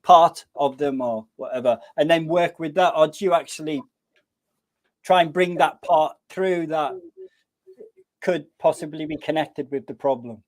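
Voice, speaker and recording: A man's voice: a little high, a little slow, a little mellow. A man hosting an online interview, reading out audience questions. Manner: reads audience questions, laughs easily. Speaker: host.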